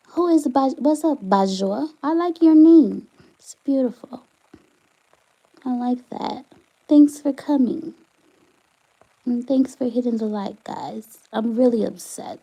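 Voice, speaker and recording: A woman on a live stream vents with passion, her high voice leaping up and down as she hammers one rhetorical question after another. Between outbursts she reads viewer comments aloud. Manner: impassioned, repeated rhetorical questions. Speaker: channel host, single mother. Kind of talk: emotional livestream venting.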